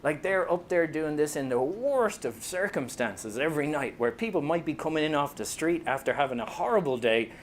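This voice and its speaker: A man's voice: fairly high pitch, expressive, fairly quick, hardly any pauses, slight background noise. A man with an Irish accent giving a comic, self-deprecating talk as an author, telling stories to an audience. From Ireland. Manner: self-deprecating, joking storyteller.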